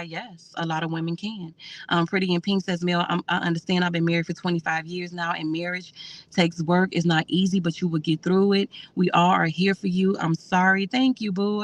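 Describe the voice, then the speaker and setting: A woman, hosting a casual livestream and answering viewer comments in a soft, conversational way. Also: on the low side, dry recording. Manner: reads out comments and answers them warmly, with fillers. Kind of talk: casual emotional livestream chat.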